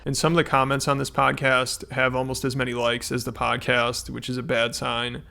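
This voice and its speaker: A man's voice: mid-range voice, monotone, normal speed, vocal fry, bright, forceful tone. A man commenting on a video in a matter-of-fact, summarizing way. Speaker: online commentator.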